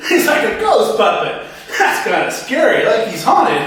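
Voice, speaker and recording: Amateur male comic, high lively voice, giggly and rambling, recorded far off in an echoey room. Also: moderate pace. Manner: giggly, rambling, keeps saying "you guys". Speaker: amateur comedian. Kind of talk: homemade stand-up comedy sketch.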